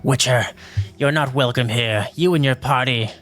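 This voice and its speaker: A man's voice: mid-range voice, normal speed, fairly bright tone, lightly acted. A man voicing a hostile mounted female bandit leader, speaking in a stern, threatening way in a tabletop game.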